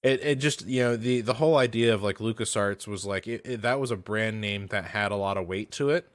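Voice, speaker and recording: A man's voice: on the low side, brisk, dry recording. Chatty guy co-hosting a gaming podcast, laughs a lot, trips over words, dry close mic. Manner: animated, laughs often, many restarts and fillers. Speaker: podcast co-host. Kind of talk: casual chat.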